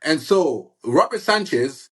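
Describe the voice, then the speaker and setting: Husky-voiced man chatting about football. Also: fairly high pitch, lively intonation, fairly bright tone. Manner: halting, many restarts, says "bro" and "you see what I'm saying". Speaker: football fan guest. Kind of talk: casual football chat.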